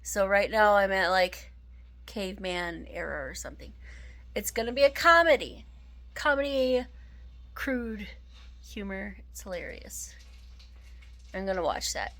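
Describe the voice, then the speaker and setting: A woman's voice: medium pitch, expressive, a little slow, long pauses, a bit bright. Rambling woman vlogger recapping a film. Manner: rambling, many fillers and restarts, acts out quotes. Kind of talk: casual chat recapping a film.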